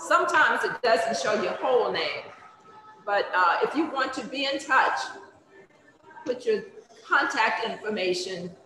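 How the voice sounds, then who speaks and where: A woman hosting an online event on a video call, giving slow, deliberate instructions to the group. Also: fairly high pitch, fairly bright tone, a little hiss or hum. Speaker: event host. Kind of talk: hosting announcements. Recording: echoey hall, from a distance.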